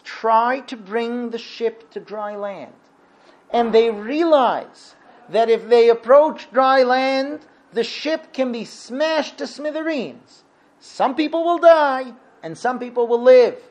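A man giving an animated religious lesson, retelling a story and acting out the characters' lines. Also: extremely high pitch. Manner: lively, acts out quotes in voices. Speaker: teacher giving a religious talk.

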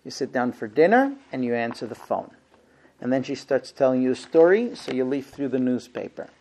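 Brief: male class teacher, lively and humorous, acts out little scenes, drops to quiet earnest points. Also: mid-range voice, a little fast, creaky, a little hiss or hum. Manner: lively, acts out husband and wife exchanges with humor; shifts between quiet earnest points and loud playful asides. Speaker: teacher of a marriage class for men. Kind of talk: lecture to a class.

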